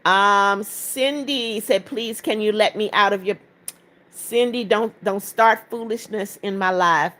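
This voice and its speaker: A woman's voice: medium pitch, unhurried, fairly bright tone. A woman in her seventies hosting a live stream, tired after hours of talking, reading each viewer comment aloud and answering it briefly. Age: 70s. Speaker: livestream host.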